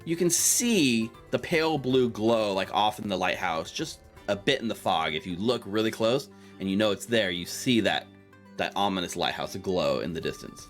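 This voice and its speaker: A man runs a tabletop game, narrating scenes in a relaxed, chatty way peppered with "like" and "um." His voice sits low but moves a lot in pitch. Faint music plays underneath. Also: normal speed. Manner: casual, lots of fillers and "like". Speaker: game master.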